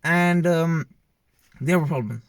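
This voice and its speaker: A man's voice: a little high, a little slow, dry recording. Rambling man reviewing a film, dry sound. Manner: rambling, hesitant, many fillers and restarts. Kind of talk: casual spoken movie review.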